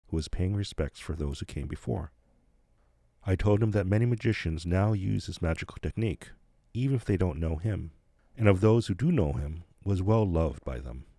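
Deep, mellow male podcast host. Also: dry recording. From United States, New Jersey. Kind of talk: scripted podcast narration.

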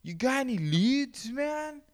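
Man doing a dazed stoner girl, pitched way up. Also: big pitch swings, slow, dry recording, studio quality, heavily acted. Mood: spacey. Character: spacey stoned woman from a comedy film.

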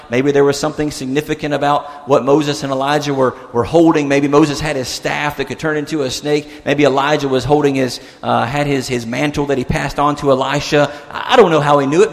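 A man preaching a sermon as pastor, animated and expressive, acting out the disciples' words and dropping to a soft tone for emphasis. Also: on the high side, brisk, vocal fry. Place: church sanctuary. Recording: long church-hall reverb.

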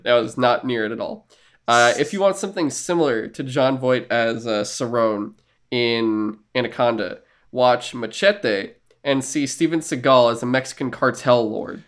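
A man's voice: mid-range voice, moderate pace. A man co-hosting a podcast in casual chat, rambling and joking with casual swearing. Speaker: podcast co-host.

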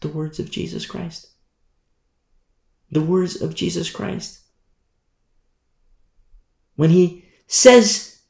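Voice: medium pitch, steady tone, very slow, gravelly, long pauses, a little mellow, echoey room. A preacher teaching a Bible study sermon in an emphatic, repetitive way, raising the voice to stress points.

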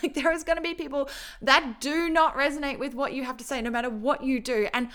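Woman, podcast host and coach, casual encouraging solo monologue, higher-pitched, lots of "like". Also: fairly even intonation, fairly quick, a bit bright. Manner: chatty and encouraging, heavy use of "like".

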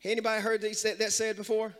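A man a sermon as pastor, moving from talk into sung and shouted hymn lines. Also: sits high, monotone, quick pace. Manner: preaching that builds into singing and shouting hymns. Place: church sanctuary. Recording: reverberant church with music.

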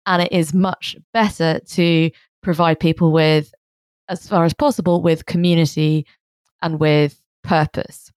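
A woman's voice: sits low, steady tone, a little slow, darkish tone, clear, resonant tone, no room sound, clean studio sound. A woman co-hosting a podcast in casual chat, speaking hesitantly with many hedges.

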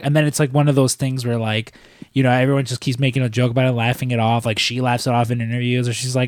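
A young man hosting a podcast, telling stories in a rambling, profane, animated way. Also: mid-range voice, quick pace, no room sound, studio quality. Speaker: podcast host. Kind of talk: casual chat.

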